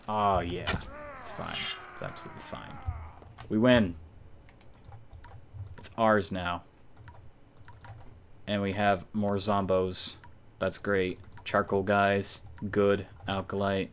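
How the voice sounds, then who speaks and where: A man's voice: lowish voice, very animated, takes it slowly, pauses often, fairly bright tone. A man giving casual live commentary on a game he plays, playful and teasing toward enemies, talking from a room at home. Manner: playful, taunts enemies, chuckles. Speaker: streamer. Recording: noisy, keyboard typing audible.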